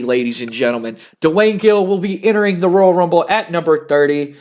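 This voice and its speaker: A man's voice: fairly high pitch, lively intonation, brisk, hardly any pauses, a little mellow. A man dramatically narrating a wrestling simulation playthrough, play-by-play style. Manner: storytelling play-by-play, hyping announcements. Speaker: game narrator.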